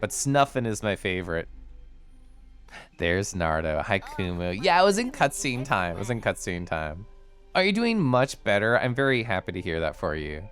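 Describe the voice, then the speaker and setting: Chatty male streamer, bubbly and giggly, very expressive pitch, smooth clear voice. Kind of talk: casual livestream chat over gameplay.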